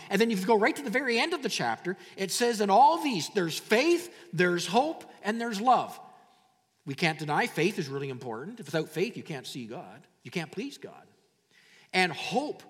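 A man preaching a sermon as pastor, animated, repeating phrases and leading the congregation in reading aloud. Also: sits high, slightly rough. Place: church hall. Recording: long hall reverb.

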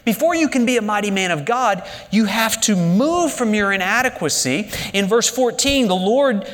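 A man preaching a sermon as a pastor, animated and emphatic, asking the listeners rhetorical questions. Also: high-pitched, normal speed, in a large hall.

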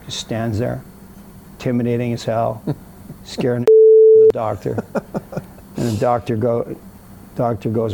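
A man telling a story in a casual interview, animated, acting out the other people's voices as he goes. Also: mid-range voice, unhurried, vocal fry, long pauses, very noisy.

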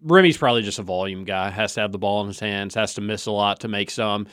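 A man in casual sports talk, opinionated and animated, jumping in with quick rebuttals. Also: fairly low pitch, smooth, no echo, studio quality.

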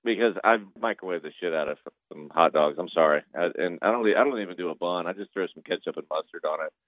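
A man co-hosts a podcast and rambles in a laid-back way, restarting his sentences. His voice is lowish. The sound is thin and phone-like, dry and close. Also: fast, no room sound. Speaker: podcast co-host. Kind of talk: casual chat. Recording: tinny phone-like line.

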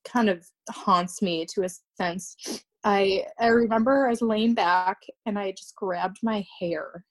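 A young woman with a medium-pitched voice, a guest on a podcast, recounts a painful personal story. She speaks haltingly, often repeating herself and restarting sentences.

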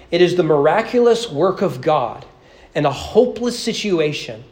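A male pastor delivers a sermon from a church sanctuary. His voice sits a touch high for a man. He presses his points earnestly, repeating words as he restarts and leaning hard on slow, stressed phrase endings.

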